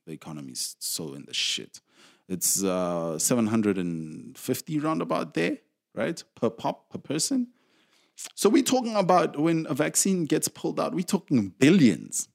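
A South African man in the middle of an angry rant, pushing hard on his words. He trips over himself with restarts, jumps up into loud, high outbursts and drops back down into low, muttered asides. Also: sing-song, a little slow, creaky. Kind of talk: casual ranting commentary.

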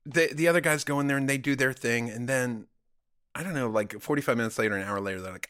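A man telling a story casually as a podcast guest, animated and profane, laughing often. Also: medium pitch, fast talker, clean tone.

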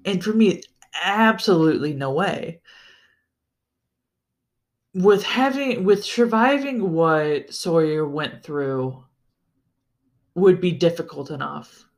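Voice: medium pitch, animated, slow, pauses often. A podcast host chatting alone about a book series, enthusiastic and swearing freely, often stumbling and restarting sentences. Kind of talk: casual solo book-review chat.

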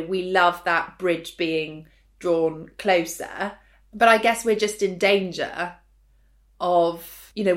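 A woman's voice: on the low side, fairly bright tone. A woman in her thirties, co-hosting a casual podcast chat in a frank, opinionated way with dry humor. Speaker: podcast co-host.

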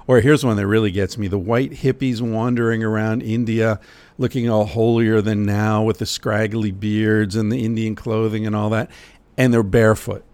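A middle-aged man riffs through a casual podcast monologue with a sardonic, profane edge. His voice sits low and gravelly. The sound is close and dry. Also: flat delivery, normal speed, darkish tone, no room sound. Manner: sardonic, profane, jokey rants. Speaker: podcast host. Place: lives in Portland.

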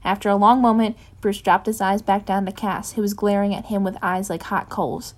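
A woman reading fan fiction aloud in a plain, unpolished way, pausing to correct her own slips. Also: mid-range voice, steady tone, a little mellow. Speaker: reader.

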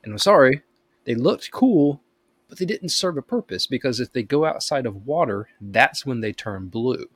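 A man's voice: medium pitch, animated, normal speed, breathy edge, dry recording. A man co-hosting a podcast in casual chat, rambling through explanations with many fillers. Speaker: podcast co-host.

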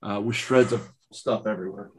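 A man narrating as game master at a tabletop session, relaxed and full of ums, laughing along with his players. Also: lowish voice, normal speed, slightly rough. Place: room around a gaming table.

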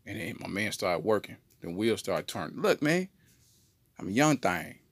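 A man telling a comedic story on a podcast in an animated, slangy way. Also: on the low side, moderate pace, breathy edge, dry recording. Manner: animated, slangy, jumps into voices. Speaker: podcast co-host.

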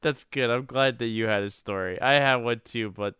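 Man, podcast co-host, blunt, profane, laughs a lot, resonant clean voice, mid pitch. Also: moderate pace, bright, forceful tone, smooth, no echo, clean studio sound. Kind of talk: casual movie recap chat.

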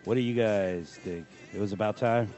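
A man hosting a casual sports podcast with friends, upbeat and running the show with quick greetings. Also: lowish voice, darkish tone, highs cut off, faint music behind. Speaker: podcast host.

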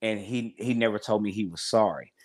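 A man in his forties speaks in a low voice, heartfelt and a little rambling as he restarts his thoughts. The sound is dry and close, with no room around it. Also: brisk, no echo. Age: 40s. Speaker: podcast guest. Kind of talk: casual interview chat.

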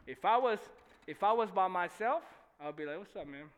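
A young man preaching a sermon in church, animated and swinging from shouting to near-whispers. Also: sits high, fairly quick, smooth. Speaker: pastor.

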